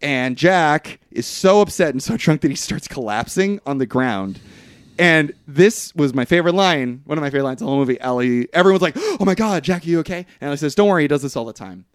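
A man co-hosting a podcast, casually recapping a movie plot with lively quoted lines and frequent laughs. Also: on the high side, quick pace, smooth, dry recording. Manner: animated storytelling, quotes characters in put-on voices, laughs often. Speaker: podcast co-host.

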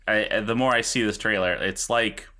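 Bright rambling man, low pitch. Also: normal speed. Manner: rambling, riffing with fillers. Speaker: podcast co-host. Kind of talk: casual banter.

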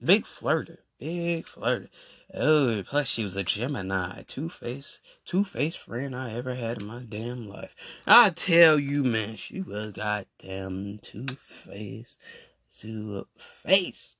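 A young adult man hosts a solo podcast in a mid-range voice, speaking slowly in studio quality with no echo. He rants animatedly and repetitively about friends who did him wrong, calling people out.

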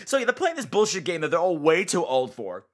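Fairly high-pitched and sing-song, he speaks a little fast through a loud home mic. This podcast host sarcastically tears into a bad film, cursing and squealing while performing scenes.

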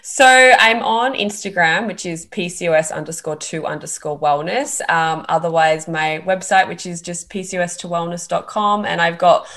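A woman from Australia, a wellness guest giving relaxed casual advice on a podcast. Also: lowish voice, normal speed, few pauses. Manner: relaxed, uses "like" often.

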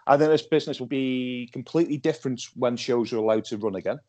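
Over a Skype call, a podcast host who is also a wrestling promoter chats casually and tells animated stories, restarting them again and again. He has a mid-range voice and talks fast.

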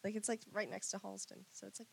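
A woman's voice: mid-range voice, little pitch movement, rapid-fire, creaky, a little mellow, husky, no echo. A young woman from Massachusetts, a production staffer co-hosting, chatting bubbly with lots of "like". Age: young adult. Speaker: production staffer as guest co-host. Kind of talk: casual chat.

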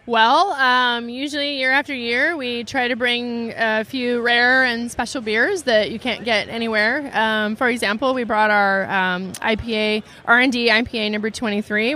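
Bright, enthusiastic brewery woman. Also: on the high side. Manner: enthusiastic, detailed, many ums. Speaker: brewery representative. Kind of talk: interview answers. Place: outdoor beer festival.

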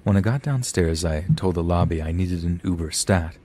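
A man's voice: sits low, normal speed, mellow. A man, a podcast host, reading a scary story aloud with some dry asides.

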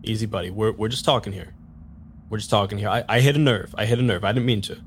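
A man's voice: fairly low pitch, quick pace, a little hiss or hum, lightly acted. A man voicing a tense male outlaw who talks down a standoff, placating and repeating himself.

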